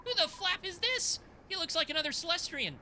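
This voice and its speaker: A man voicing an excitable, cheeky young female fairy sidekick in a video game, exclaiming indignantly. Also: extremely high pitch, brisk, a little hiss or hum, voice pushed up, exaggerated voice. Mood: curious.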